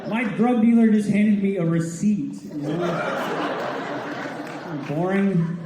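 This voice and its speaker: A man in his twenties doing a stand-up comedy set in a theatre, telling stoner stories with a laid-back, deadpan delivery. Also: high-pitched, slow pace, crowd noise, background noise. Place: theatre stage with audience. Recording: roomy theatre live recording. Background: audience laughter.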